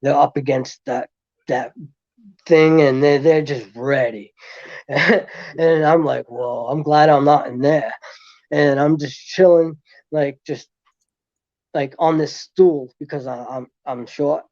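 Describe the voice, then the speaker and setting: Rambling mellow-voiced man telling stories. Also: on the high side, takes it slowly, dry recording, dull audio. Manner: rambling, full of fillers and restarts; animated when retelling events. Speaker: guest. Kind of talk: casual storytelling.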